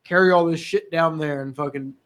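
A young man in casual chat, telling work stories with profanity and loud acted quotes. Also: a little high, fairly even intonation, a little fast, heavy background noise. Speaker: podcast guest.

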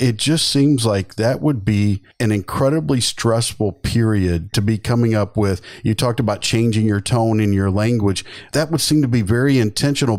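A man's voice: fairly low pitch, darkish tone, no room sound, studio quality. A man hosting an interview podcast who thinks aloud and rephrases his questions as he goes. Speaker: podcast host.

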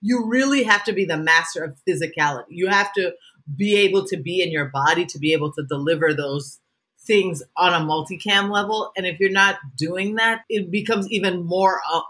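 Woman podcast co-host, bright tone, earnest casual talk. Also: lowish voice, a little fast. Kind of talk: casual chat.

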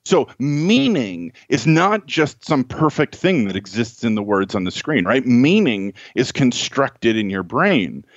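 A man's voice: medium pitch, no room sound, muffled recording. A man as a guest tutor on a podcast, explaining study advice in a conversational way with many restarts.

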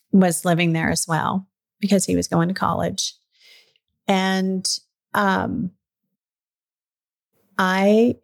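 A middle-aged woman appears as a podcast guest, chatting candidly through a personal story and at times growing emotional. Her voice sits at a medium pitch with a creaky quality, suited to casual storytelling.

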